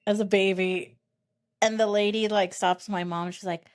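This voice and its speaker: A woman hosting a podcast who tells a family story in an animated, rambling way, with plenty of swearing. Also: medium pitch, moderate pace. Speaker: podcast host. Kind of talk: casual storytelling chat.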